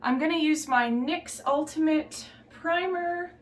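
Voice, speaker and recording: A woman chatting casually through a makeup tutorial in a relaxed, offhand way, slipping into a put-on Southern belle accent. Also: sits high, unhurried, reverberant, distant mic, a little hiss or hum. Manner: relaxed, chatty, trailing off and restarting while applying makeup. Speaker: beauty vlogger.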